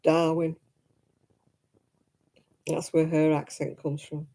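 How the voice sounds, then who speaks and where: A man's voice: a little high, monotone, slow pace, gravelly, warm tone. A man hosting a crafting livestream, chatting casually with viewers, laughing often and answering comments. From Manchester, England.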